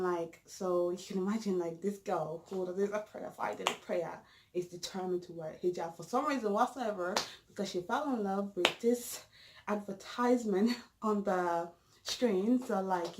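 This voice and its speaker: A woman's voice: medium pitch, darkish tone, a little hiss or hum, rough recording. Rambling young woman vlogger. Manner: rambling, full of fillers and restarts. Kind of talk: casual storytime.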